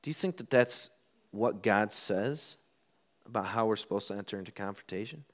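A middle-aged man preaching a sermon, telling stories and acting out quoted lines with lively ups and downs. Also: fairly low pitch, normal speed. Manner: animated storytelling, acts out quotes. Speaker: pastor.

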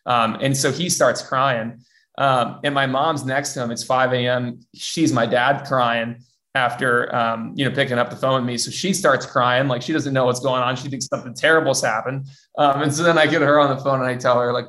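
A man's voice: medium pitch, steady tone, brisk, a bit bright. Chatty young man telling a story. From US West Coast. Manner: rambling, many fillers and restarts. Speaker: former college football player, guest. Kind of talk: casual interview storytelling.

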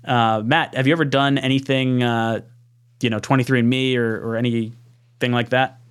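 A man's voice: mid-range voice, fairly even intonation, moderate pace, clear, resonant tone. A man hosting a sports talk podcast, chatting casually and reading out listener comments. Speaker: podcast host. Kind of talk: casual chat.

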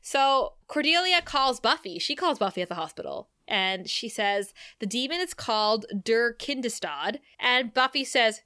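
A woman recaps a TV episode on a podcast in easy, casual chat. Her voice sits high and sounds bright and forward. She is animated and laughs often, slipping into the quoted lines as she goes. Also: normal speed, dry recording, clean studio sound.

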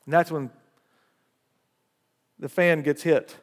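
A man preaching a sermon, reading scripture aloud with rising emphasis and lively call-and-response asides to the congregation. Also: fairly high pitch, takes it slowly. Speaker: pastor. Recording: long hall reverb.

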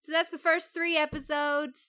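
A woman's voice: high voice, level tone, normal speed, sharp tone. A woman who is a parent, co-hosting a podcast in casual chat and retelling show scenes with giggles and swearing. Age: adult parent. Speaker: podcast co-host.

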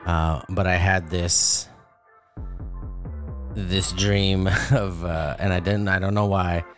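Low-voiced relaxed man. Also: takes it slowly, faint music behind. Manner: relaxed, hesitant, many fillers, swears casually. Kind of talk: casual chat.

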